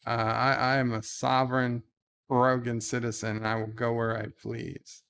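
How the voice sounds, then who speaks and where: A man hosting a casual live stream at home, reading out viewer letters and answering them in a wry, deadpan way. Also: mid-range voice, normal speed, vocal fry, clean tone. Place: home, indoors.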